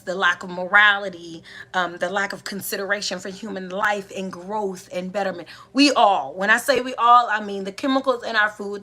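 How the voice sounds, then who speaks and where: A woman with a fairly high, sharp voice delivers a sermon-style, live-streamed inspirational talk as a spiritual teacher. Facing a live audience, she speaks directly to them. Her preacher-like delivery leans on repetitive cadence, repeated phrases and rhetorical questions.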